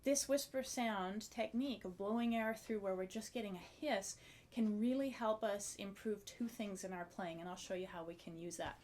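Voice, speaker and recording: A woman's voice: mid-range voice, normal speed, a little mellow. A woman teaching a clarinet video lesson, explaining a breathing technique in a friendly, step-by-step way and demonstrating as she goes.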